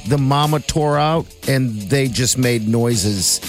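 A man's voice: medium pitch, slow. Radio host, male, casual and jokey, faint music bed underneath. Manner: jokey, easygoing, laughs often. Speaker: radio morning show host. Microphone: studio microphone.

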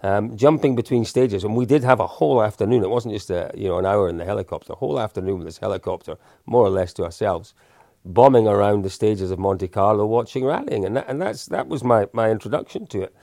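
A man's voice: fairly low pitch, fast talker, creaky, darkish tone, dry recording, clean studio sound. A man in his fifties, a guest telling casual stories in a chatty, self-deprecating way with lots of restarts. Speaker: interview guest. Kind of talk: casual storytelling.

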